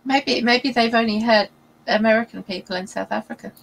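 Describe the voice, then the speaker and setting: A woman's voice: on the high side, a little fast, vocal fry, noisy background. A woman from England co-hosting a live stream, giving short, dry, self-deprecating replies. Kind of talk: casual live-stream chat.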